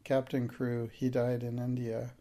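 A man reading an audiobook, voicing a quiet, earnest orphaned young girl in a soft, plain voice. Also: mid-range voice, monotone, measured pace, close to an everyday voice.

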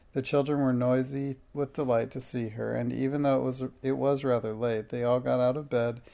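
Gravelly man reading a storybook. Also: medium pitch, dark tone. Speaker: audiobook narrator. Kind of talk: children's book read aloud.

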